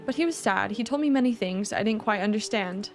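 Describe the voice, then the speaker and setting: A woman's voice: medium pitch, a little fast, faint music behind, natural voice. A woman reading an earnest young girl. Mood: curious. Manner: reading dialogue aloud plainly.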